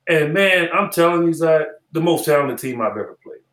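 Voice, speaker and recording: Bright-voiced man telling stories, roomy sound. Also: fairly high pitch, moderate pace. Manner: animated storyteller who acts out quoted dialogue and repeats phrases. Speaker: former basketball player and analyst as podcast guest. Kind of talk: storytelling interview chat. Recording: roomy echoey room.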